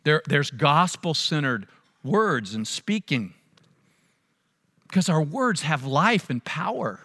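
A man preaching a sermon as a pastor, telling stories with animated delivery and acting out voices. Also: on the high side, slow pace, pauses often. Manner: animated storytelling, acts out voices. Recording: long reverb of a large hall.

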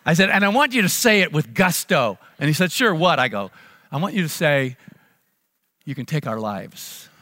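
Middle-aged guy pastor preaching, lively pitch that swings all over, kinda high voice, hammers phrases twice. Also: moderate pace, no room sound. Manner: emphatic, repeats key phrases for stress. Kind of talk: sermon.

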